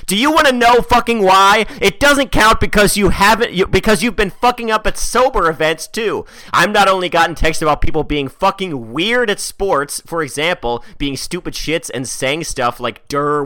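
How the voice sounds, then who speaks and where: A man's voice: high-pitched, bright, forceful tone. A man hosting a podcast, doing a profane, ranting dramatic reading of an email. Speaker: podcast host.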